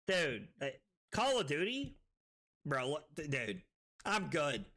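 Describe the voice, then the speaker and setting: Male streamer, tipsy and rowdy, lively swooping delivery with a bright edge, shouts often. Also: fairly high pitch, takes it slowly. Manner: excitable, shouting, laughing, swearing. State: tipsy from drinking. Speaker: streamer and host. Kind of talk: live-stream card game commentary.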